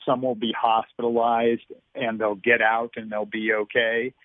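An older man, a journalist guest, talking in a halting, measured way with many fillers. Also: mid-range voice, little pitch movement, no room sound. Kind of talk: phone-in radio talk. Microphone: phone. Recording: tinny phone line, dry.

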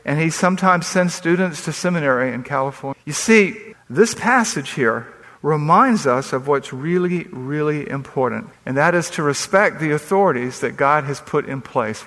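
A man's voice: on the high side, fairly bright tone. A man preaching as a pastor, reading scripture and telling stories with emphatic delivery. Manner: emphatic, storytelling with quoted dialogue. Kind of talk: sermon. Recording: long reverb of a large hall.

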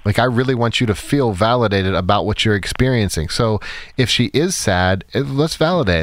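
A man hosting a call-in radio advice show, calm and validating, explaining his points with everyday examples. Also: on the low side, moderate pace, no echo.

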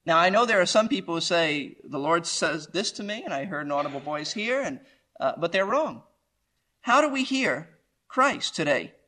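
Pastor guy preaching, bright high voice, really emphatic, goes up and down a lot. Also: expressive, moderate pace. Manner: emphatic, rising and falling preaching delivery. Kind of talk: verse-by-verse sermon.

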